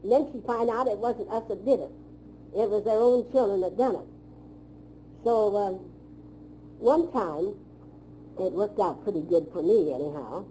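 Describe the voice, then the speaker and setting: Older woman, plain-spoken storyteller, rambling, mellow, warm tone. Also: mid-range voice, slight background noise, poor audio. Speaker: oral history narrator. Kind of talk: recounting childhood memories.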